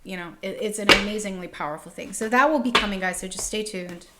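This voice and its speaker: A woman's voice: medium pitch, fast, very noisy. A woman in her thirties giving a casual tarot reading to her viewers, emphatic and repeating phrases for effect. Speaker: tarot reader.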